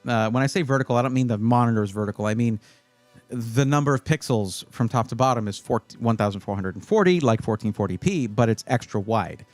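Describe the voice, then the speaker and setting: In a dry recording, a medium-pitched man speaking a little fast hosts a casual livestream. He reads viewer comments and offers computer buying advice, rambling, restarting phrases and playing around with the chat.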